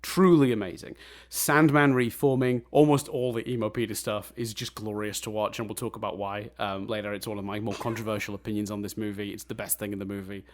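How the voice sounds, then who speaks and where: A man co-hosting a casual film review podcast, animated and blunt, swearing and laughing often. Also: lowish voice, fairly quick. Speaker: podcast co-host.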